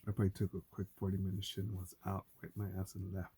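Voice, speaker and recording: A man telling stories in a casual, rambling monologue, cursing often and getting animated. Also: low-pitched, fast, husky. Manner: profane, animated storytelling. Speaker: vlogger.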